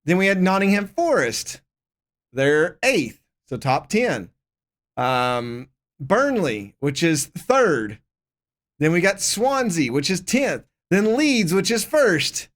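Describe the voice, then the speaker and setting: A slightly bright, high voice comes through, very animated yet slow. The man streams a football management game with casual commentary, reading its prompts aloud and responding.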